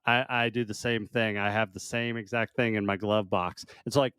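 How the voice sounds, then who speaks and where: A man's voice: fairly low pitch, steady tone, moderate pace, fairly bright tone, clean tone, no room sound, studio quality. A young adult man co-hosting a casual movie review chat, chatty and laughing often, leaning on the word "like.". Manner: chatty, laughing often, uses filler "like" a lot. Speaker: podcast co-host.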